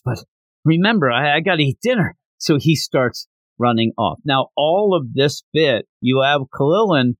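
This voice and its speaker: A man's voice: mid-range voice, no room sound. A man hosting a podcast, chatting animatedly as he retells a manga chapter. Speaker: podcast host. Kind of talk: casual recap of a manga chapter.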